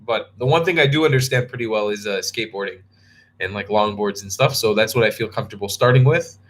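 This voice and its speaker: A man's voice: lowish voice, quick pace, a bit bright. A tired young man casually chatting on a live stream, rambling and restarting as he answers viewer comments. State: tired and yawning. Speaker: travel vlogger answering live chat.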